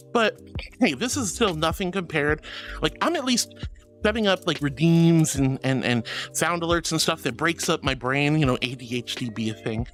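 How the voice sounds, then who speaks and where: Woman streamer, casual chat, bubbly and giggly, very animated pitch, soft music underneath. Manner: bubbly, giggly and emotional, greeting chatters warmly.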